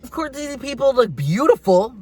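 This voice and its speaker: A young man spins a casual storytime with plenty of sass and drama. His pitch leaps and dips all over the place as he acts out every beat. There is a faint hiss of noise underneath his voice. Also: normal speed. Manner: animated, sassy, dramatic delivery with big swings in pitch. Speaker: storyteller vlogger.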